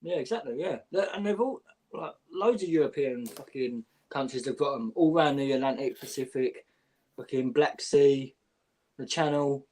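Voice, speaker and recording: A man's voice: medium pitch, moderate pace, a little mellow. A man in his late twenties in a casual football chat, blunt and sweary. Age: 20s. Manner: blunt, sweary, repetitive restarts. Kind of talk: casual banter.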